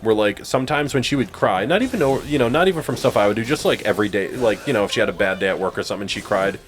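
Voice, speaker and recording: A man's voice: on the low side, animated, rapid-fire, soft background music. A man telling a long, rambling personal story in casual chat, with lots of fillers and laughs at himself. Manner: rambling, filler-heavy, laughing at own stories. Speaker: gameplay co-host.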